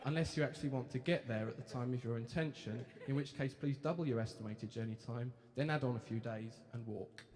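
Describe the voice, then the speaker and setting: A man's voice: medium pitch, brisk, hardly any pauses, heavy background noise. A man performing a live comic poetry set, with dry, wry banter between poems. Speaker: performance poet. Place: live venue stage. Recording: echoey hall with crowd laughter.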